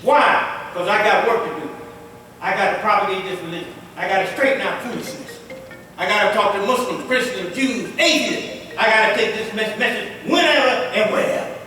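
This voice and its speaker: A male imam giving a Friday sermon, swinging between loud and hushed lines and laughing often as he tells stories. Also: high voice, brisk, a little hiss or hum. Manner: lively preaching that swings between loud and quiet. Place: mosque prayer hall. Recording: echoey hall from far off.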